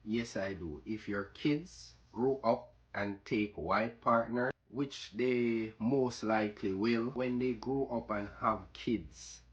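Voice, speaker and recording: Man, low voice, slow and deliberate, arguing a point; muffled lo-fi recording. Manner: measured, argumentative. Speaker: commenter replying to a clip. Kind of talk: casual commentary to camera. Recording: dull lo-fi audio.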